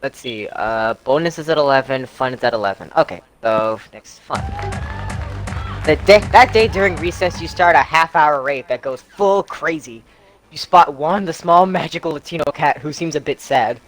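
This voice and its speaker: A man streamer reading game text aloud in a relaxed, deadpan way. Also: a little high, normal speed, soft background music, rough recording.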